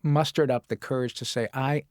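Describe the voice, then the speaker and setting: A male voice actor tells stories in a podcast interview in an animated, expressive way, now and then dropping into a character voice. His voice sits in a middle register. The studio mic sound is dry and close, with no room echo. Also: medium pitch, a little fast. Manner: animated storyteller who slips into character voices. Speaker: guest voice actor. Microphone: studio microphone.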